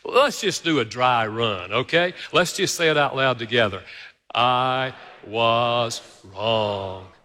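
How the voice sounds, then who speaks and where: Bright-voiced male pastor in reverberant hall. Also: lively intonation, normal speed, few pauses. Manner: storytelling with sudden rises in pitch, addressing the congregation directly. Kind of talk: sermon.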